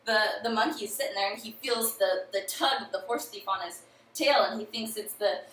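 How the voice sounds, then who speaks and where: A young woman retelling a folk tale in a chatty, lively way, in an echoey room with the mic far off. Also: mid-range voice, fairly quick, slight background noise. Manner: lively, chatty, uses "he's like". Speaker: student storyteller. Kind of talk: casual oral storytelling.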